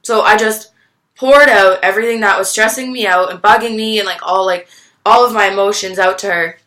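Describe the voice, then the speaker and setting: A young woman vlogger telling a personal story to the camera, candid and halting, swearing freely. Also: medium pitch, fairly bright tone.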